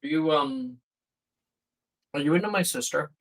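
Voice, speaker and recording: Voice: mid-range voice, big pitch swings, normal speed, vocal fry, fairly bright tone, distant mic, low-quality recording. A tabletop role-play player talking in character in a teasing, nosy, casual way.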